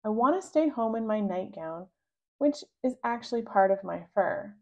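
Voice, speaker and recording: A woman reading a children's book aloud, narrating slowly and expressively in the first person. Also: on the high side, lively intonation. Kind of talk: read-aloud storybook narration.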